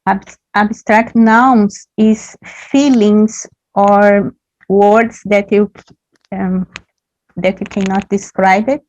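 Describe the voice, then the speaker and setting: A woman student learning English answers grammar questions at a very slow, careful pace, often breaking off and restarting words. The audio is dull and lo-fi, as from an online class. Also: medium pitch, steady tone, a little mellow. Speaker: adult student.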